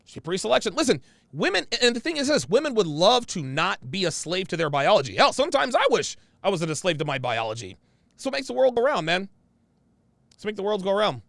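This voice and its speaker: Lively, gravelly man hosting a stream. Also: sits high, fairly quick, no room sound. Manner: blunt, slangy, repeats phrases for emphasis. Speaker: livestream host reading viewer comments. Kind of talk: casual livestream commentary.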